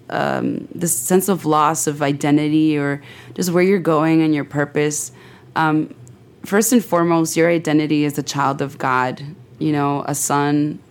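Low-voiced animated young woman guest. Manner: animated, heartfelt, leans on "like". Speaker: podcast guest. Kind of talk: faith-filled casual chat.

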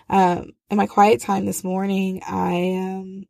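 A woman's voice: medium pitch, level tone, moderate pace, gravelly, few pauses, darkish tone, no echo, studio quality. A woman giving an earnest, conversational devotional talk, with frequent fillers and restarts. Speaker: christian speaker.

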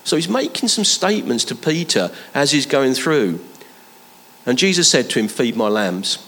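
A man's voice: fairly high pitch, very animated, pushed and bright, rough recording. Emphatic man preaching a sermon. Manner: emphatic, building through repeated phrases; slows and lifts his voice to stress key points. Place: church.

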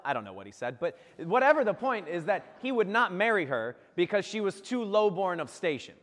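Man, preacher, humorous storytelling, animated pitch, long hall reverb. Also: normal speed. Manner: playful, jokey storyteller who acts out the characters.

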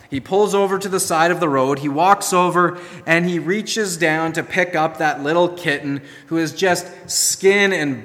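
A man delivers a storytelling sermon, dropping to hushed tones then rising to emphasis. His voice is bright and a little high. It rings out with the long reverb of a large hall. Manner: storytelling, swings from soft to emphatic. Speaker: pastor.

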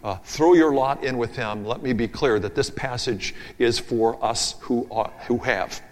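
A man's voice: medium pitch, unhurried. Man preaching in a reverberant hall. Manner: emphatic, repeats key phrases in a rhythmic build; talks through his notes aloud, with asides. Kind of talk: sermon. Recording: long reverb of a large hall.

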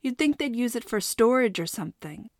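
A woman's voice: a little high, expressive, a little fast, darkish tone, dry recording, studio quality, pitched above the performer's own voice, natural voice. A woman voicing a curious, rule-minded schoolgirl who asks earnest questions.

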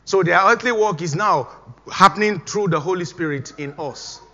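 A man's voice: sits high, normal speed, sharp tone. A middle-aged man from Nigeria, preaching a sermon as pastor, emphatic and repeating his exhortations. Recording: dull recording with long hall reverb.

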